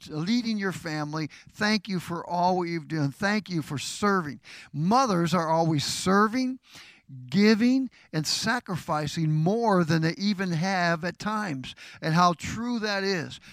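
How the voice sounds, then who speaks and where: A middle-aged man preaching as a pastor, speaking warmly and earnestly to mothers. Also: sits high, no room sound. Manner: tender, heartfelt tribute to his wife. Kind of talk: sermon.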